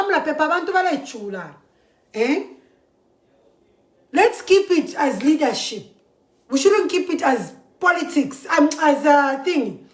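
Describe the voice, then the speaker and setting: High-voiced Zambian woman, impassioned monologue. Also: echoey room. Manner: mixes English with local language, keeps asking "eh?". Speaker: social media commentator.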